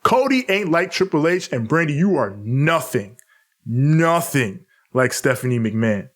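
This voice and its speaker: A man's voice: fairly high pitch, very animated, a little slow. A man co-hosting a casual wrestling podcast, speaking bluntly and profanely. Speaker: podcast co-host. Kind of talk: casual wrestling recap chat.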